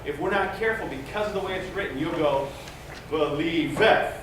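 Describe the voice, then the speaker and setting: A man's voice: sits high, quick pace. A man directing a choir rehearsal, encouraging and repeating himself, singing short phrases to show how they should go. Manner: encouraging, repeats words, sings phrases to demonstrate. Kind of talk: choral rehearsal instruction. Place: large rehearsal hall. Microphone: distant recorder. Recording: echoey hall from far off, hissy.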